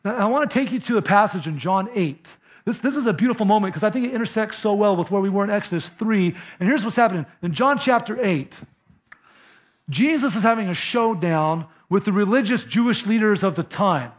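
A man delivers a sermon in a fairly high-pitched voice. He preaches emphatically and conversationally, speaking directly to his listeners. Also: lively intonation, a little fast. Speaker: pastor.

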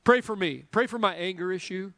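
A man's voice: high voice, a little fast, fairly bright tone, dry recording, clean studio sound. A man voicing a brash, hot-tempered young male disciple who talks in slang. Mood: agitated. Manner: slangy, agitated.

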